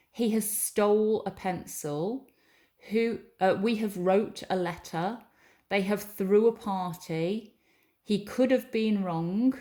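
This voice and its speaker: A woman's voice: medium pitch, darkish tone. A woman teacher giving a recorded lesson, patiently reading example sentences aloud and explaining each one.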